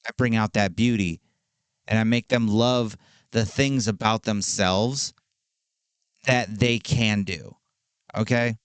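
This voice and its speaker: A man in his thirties hosting a solo podcast, talking in a slow, drawn-out and self-affirming way, full of sassy slang and swearing. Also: fairly low pitch, fairly even intonation, clear, resonant tone, no echo. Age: 30s. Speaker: podcast host. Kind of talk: casual solo podcast monologue.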